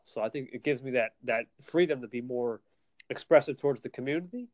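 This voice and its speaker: A young man co-hosts a casual chat and talks fast. He sounds upbeat and eager, and the dry, close sound keeps him right up front. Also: mid-range voice, darkish tone, no echo. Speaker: podcast co-host.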